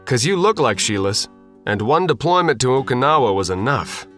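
A man's voice: medium pitch, sing-song, moderate pace, a bit bright, faint music behind, voice pushed up. A man doing a laid-back young sailor. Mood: easygoing.

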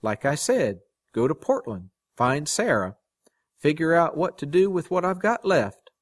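A man's voice: a little high, very animated, unhurried, pitched above the performer's own voice. A male reader voicing a frail but firm young woman in an audiobook story. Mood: wistful, firm. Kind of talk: audiobook reading.

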